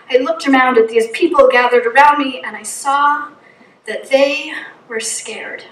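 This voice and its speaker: A woman's voice: high voice, measured pace, a bit bright, reverberant, far from the mic, poor audio. A middle-aged woman from New England gives an earnest personal reflection from a church pulpit, telling a story and reeling off long lists. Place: church hall.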